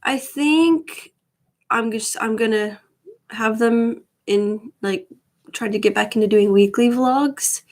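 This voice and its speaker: Woman in her thirties, unhurried, chatty and rambling, wry asides, live stream vlog. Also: fairly high pitch, a little mellow, rough recording. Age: 30s. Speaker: vlogger. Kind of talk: casual live stream chat.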